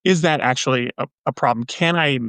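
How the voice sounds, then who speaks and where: A man's voice: mid-range voice, fairly quick, a bit bright, smooth, no echo. A man talks as a guest on a podcast, casual and earnest, often restarting his sentences. His voice sits in a middling register. The sound is dry and close. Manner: earnest, loose, many fillers and restarts.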